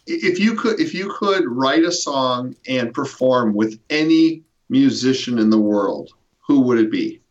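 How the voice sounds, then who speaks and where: A man's voice: medium pitch, animated, a little slow. A male host chatting casually and asking a guest open questions. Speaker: podcast host. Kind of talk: casual interview chat. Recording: dull lo-fi sound.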